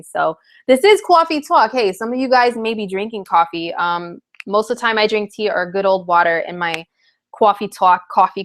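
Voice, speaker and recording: A woman's voice: medium pitch, a bit bright. A woman astrologer giving a casual live-streamed forecast, chatty and candid with many fillers.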